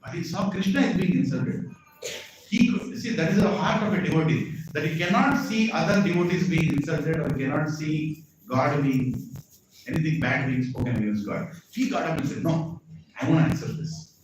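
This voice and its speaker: A man, telling a scriptural story as a sermon with lively asides to his audience. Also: a little high, normal speed. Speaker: spiritual speaker. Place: large hall at a community event. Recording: echoey hall, voice far from mic, faint noise.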